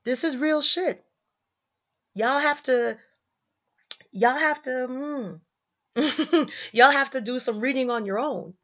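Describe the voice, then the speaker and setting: A woman's voice: high-pitched, slow, pauses often, fairly bright tone. A young woman giving casual religious commentary, emphatic and slangy, repeating lines for effect. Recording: slightly dull lo-fi audio.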